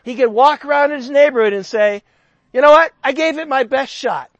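A man's voice: extremely high pitch, a little fast, dry recording, highs cut off. A man preaching a sermon, chatting in a conversational way and lifting his voice for emphasis when he reads scripture. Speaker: pastor.

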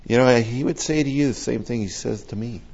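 An older man preaching a conversational sermon, telling stories in an animated and emotional way. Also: medium pitch, brisk, gravelly, muffled recording, a little hiss or hum.

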